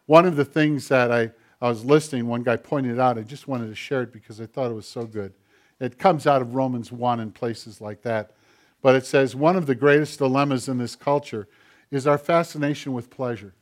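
In his sermon, a male pastor dramatizes prayers alongside God's replies, speaking each in quoted voices. His delivery shifts from loud, pressing appeals down to soft, low asides.

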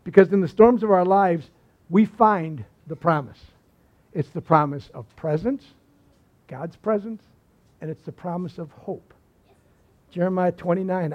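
A man's voice: sits high, measured pace, long pauses. A male pastor preaching a sermon, telling stories in a folksy way with repeated phrases and asides. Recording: slightly muffled recording.

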